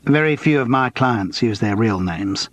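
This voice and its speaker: A man's voice: mid-range voice, expressive, unhurried, no echo. A man reading an audiobook, voicing a young male escort and out-of-work actor who talks in a breezy, cheeky, gossipy way.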